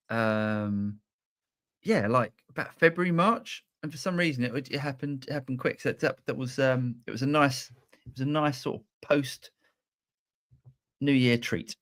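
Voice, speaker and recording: A man's voice: mid-range voice, animated, measured pace, pauses often, sharp tone. A man co-hosting a live show, talking in a rambling way with many restarts. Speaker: co-host. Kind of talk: casual live show chat.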